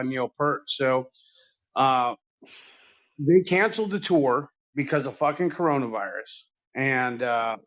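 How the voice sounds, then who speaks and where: A man of middle pitch chats on a podcast, wandering through a long anecdote with plenty of swearing and filler. He sounds easygoing and loose. The recording is a bit dull and lo-fi. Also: fairly bright tone. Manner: rambling, profane, laid-back. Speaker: podcast host. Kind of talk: casual storytelling chat.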